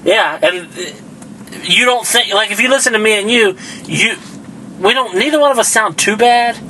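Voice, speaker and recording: A man's voice: high-pitched, normal speed, sharp tone, a little hiss or hum, rough recording. A young man with a rural Southern US accent co-hosting a podcast, joking and profane, often acting out quotes. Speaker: podcast co-host. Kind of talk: casual chat.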